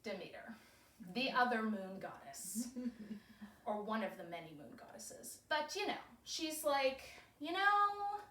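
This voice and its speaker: A woman's voice: on the high side, sharp tone. A woman playing a cheeky, carefree winged mermaid goddess, telling her story in first person with a breezy, giggly manner and frequent laughs. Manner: giggly, breezy, laughs often between phrases. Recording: roomy echo.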